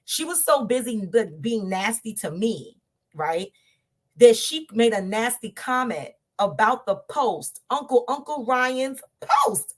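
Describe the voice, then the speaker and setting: Woman, 30s, lively group-discussion speaker, conversational, talks straight to listeners. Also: on the high side, slow pace. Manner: animated, conversational, laughs often, addresses listeners directly. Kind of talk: candid personal storytelling to a group.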